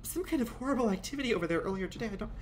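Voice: mid-range voice, lively intonation, racing, a little hiss or hum, natural voice. A performer playing a genteel 58-year-old Russian-born woman in a game role-play, calling people darling and sweetheart. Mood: prim.

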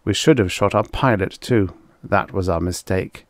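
A man's voice: sits low, normal speed, no room sound, natural voice. A man voicing an anxious young male hunter on an alien world, arguing in a tense, urgent way. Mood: worried. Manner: anxious, argumentative.

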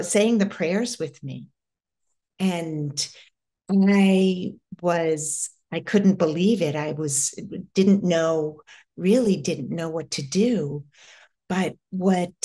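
A middle-aged American woman telling a personal spiritual story, slowly and haltingly, with many restarts. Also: lowish voice, darkish tone. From United States. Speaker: interview guest.

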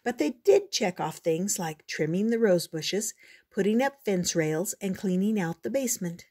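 An older woman gently reading a children's storybook aloud in a measured, unhurried way. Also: mid-range voice, animated, breathy edge.

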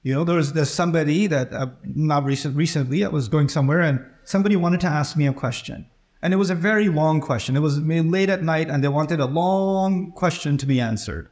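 Middle-aged man, sermon in a mosque, high voice, conversational, acts out dialogue. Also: a little fast, a little mellow. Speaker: preacher giving a Friday sermon.

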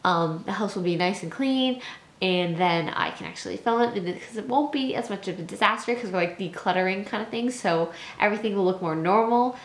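A woman's voice: medium pitch, a little fast. A young woman talking casually to her viewers in a rambling vlog, full of "like" and "um". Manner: rambling, filler-heavy talk. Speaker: vlogger. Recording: echoey room with faint noise.

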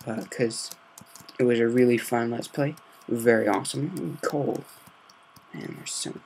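Quiet guy rambling thru a let's play, gravelly fry, bit of a sore throat, kinda hushed. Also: steady tone, a little slow, a little hiss or hum. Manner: quiet, low-key, meandering. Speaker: gaming video host.

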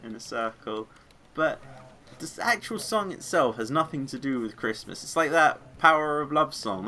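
A man gives offhand let's play commentary in a bright, forceful voice, pitched in an ordinary middle register. He talks casually and rambles, drifting from the game into side topics before pulling himself back. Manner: rambling, chatty, easily sidetracked; sings along to music. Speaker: gaming video creator.

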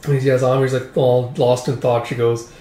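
A man's voice: mid-range voice, level tone, normal speed, dark tone. A man recapping a manga in a casual vlog, rambling with lots of "it's like" and "just, like" between his summaries. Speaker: manga reviewer. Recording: roomy echo.

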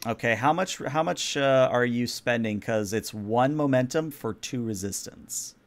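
A man's voice: mid-range voice, unhurried. A man running a tabletop role-playing game as game master, explaining the rules patiently and narrating the action.

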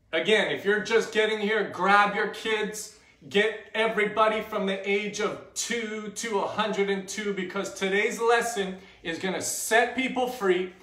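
A man's voice: high voice, pushed and bright. A man hosting a children's church show, upbeat and leading the kids in call-and-response. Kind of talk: kids' Bible lesson. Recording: echoey room.

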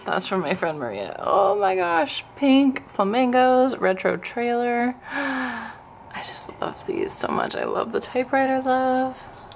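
A young woman chatting casually to camera in her bedroom, gushing and excited, with frequent gasps and little laughs. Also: mid-range voice, creaky, a little hiss or hum. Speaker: lifestyle vlogger. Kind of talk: casual vlog chat. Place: home bedroom.

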